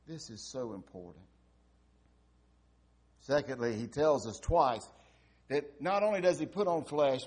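A man preaching a sermon with dramatic storytelling, swinging between loud exclamations and hushed passages. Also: medium pitch, husky. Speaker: pastor.

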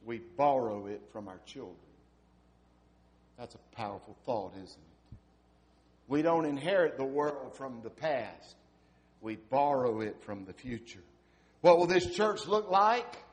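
A man in his fifties preaches a heartfelt sermon to his congregation. He drops to a near whisper, then builds to loud, emphatic peaks. His voice sits at an ordinary mid pitch. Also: lively intonation, unhurried, long pauses, slight background noise. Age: 50s. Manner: impassioned, swinging from hushed to loud emphasis. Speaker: pastor.

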